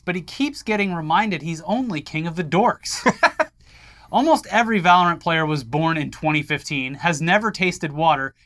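A man's voice: on the high side, sharp tone. A man co-hosting a tech news show, reading articles aloud and adding wry jokes. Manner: wry, joking, reads quotes aloud. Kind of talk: casual tech news banter.

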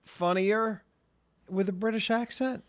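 Animated man chatting on a podcast. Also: sits high, measured pace, dry recording. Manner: animated, reads lines aloud with playful emphasis. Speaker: podcast co-host. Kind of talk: casual chat.

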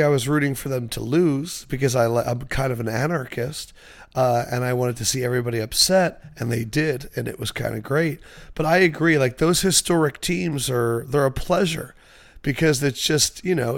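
A young man hosting a casual sports podcast, telling animated stories and swearing freely. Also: medium pitch, normal speed, vocal fry.

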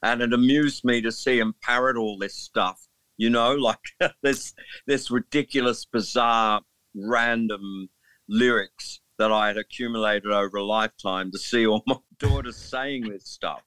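A man's voice: mid-range voice, a little slow, a bit bright, clean tone, no room sound. A man in his sixties from England, a musician chatting in an interview as a rambling, amused storyteller. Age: 60s. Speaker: musician guest. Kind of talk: casual interview chat.

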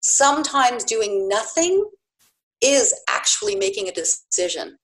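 A woman in her fifties, a guest on an interview podcast, talking in a chatty, animated way with many fillers. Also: on the high side, unhurried. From Canada. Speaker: guest, bed and breakfast owner.

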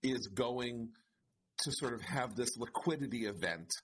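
A man's voice: mid-range voice, unhurried, slight background noise. A man co-hosting a casual conversation, building his points step by step.

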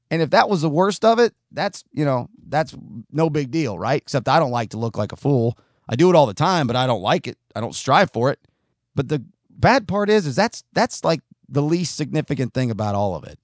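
A man ranting bluntly and profanely, his pitch climbing and dropping all the time. He sometimes acts out shouting drivers. The sound is dry and close, with no room around it. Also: sing-song, brisk, no room sound. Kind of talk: opinionated monologue.

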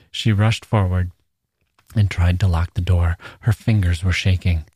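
A podcast host reads a short story aloud in a measured, dramatic way. His voice is deep, and the recording is close and dry, with no room sound. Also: flat delivery, dark tone, husky, dry recording.

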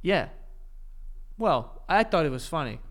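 A man co-hosting a podcast in casual chat, laid-back and joking, quick to laugh. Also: a little high, very animated, a bit bright. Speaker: podcast co-host.

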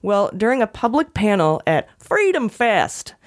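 A woman's voice: mid-range voice, sing-song, unhurried. A woman hosting a casual news podcast, wry and often laughing as she talks. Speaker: podcast host.

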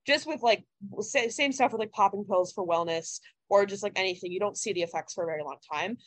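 A young woman in her twenties chats casually as a podcast co-host. She fills her sentences with "like" and drops the odd swear word. Her voice sits at a mid pitch and sounds close and dry. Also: fairly quick, no echo. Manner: chatty, heavy use of "like", casual swearing. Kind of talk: casual chat.

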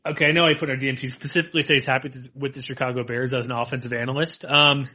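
A man co-hosting a podcast, talking sports in a rambling, animated way and laughing often. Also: medium pitch, racing. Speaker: podcast co-host. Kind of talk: casual sports chat. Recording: dull lo-fi audio.

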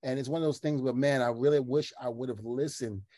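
A man in casual podcast chat, telling lively stories and acting out the quotes in them. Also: medium pitch, brisk, dry recording. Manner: animated storyteller who acts out the quotes in his stories.

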